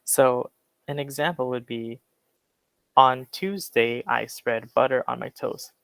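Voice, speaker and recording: A man with a General American accent, teaching an English class in a relaxed, explanatory way with many fillers. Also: medium pitch, slow, gravelly, clean tone, no echo, rough recording. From Western United States. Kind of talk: classroom lecture.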